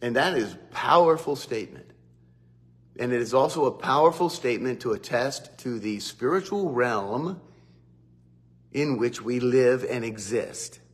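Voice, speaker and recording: A man giving an animated devotional teaching in a mid-range voice. He reads scripture and acts out the quotes with energy. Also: mid-range voice, measured pace. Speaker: preacher.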